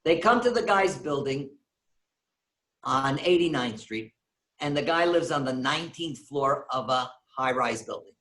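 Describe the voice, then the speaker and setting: A man's voice: mid-range voice, a little slow, roomy sound, rough recording. A man giving a synagogue lecture, retelling a comic story and acting out its characters' voices. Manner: animated storyteller acting out voices, laughs at his own jokes. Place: synagogue hall.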